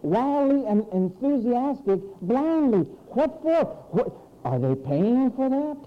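Man, preacher, sermon, high voice, mocking, animated, church. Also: slow, phone-quality sound. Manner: animated, mocking impersonations of frantic people.

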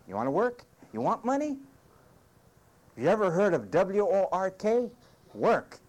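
Male pastor, sermon, emphatic and wry, swoopy lively delivery. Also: medium pitch. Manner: emphatic, punchy short commands; wry humor, mimics whiny complainers.

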